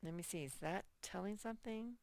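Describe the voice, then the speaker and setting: A woman teaching a first-grade workbook lesson in a slow, patient way, repeating key points and reading example sentences aloud very slowly. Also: mid-range voice, darkish tone. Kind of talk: recorded workbook lesson for children.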